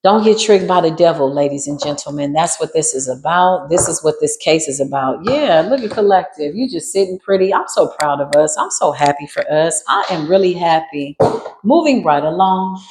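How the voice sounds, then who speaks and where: A woman giving a spiritual reading in a casual monologue, brash and sassy, swearing freely and jumping into sudden high squeals. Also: lively intonation, moderate pace, darkish tone, roomy sound, poor audio. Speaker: spiritual reader.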